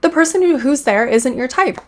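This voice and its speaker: A woman host giving casual commentary on online clips, chatty and full of quick restarts. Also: high voice, lively intonation, darkish tone. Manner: chatty, with frequent restarts and laughs.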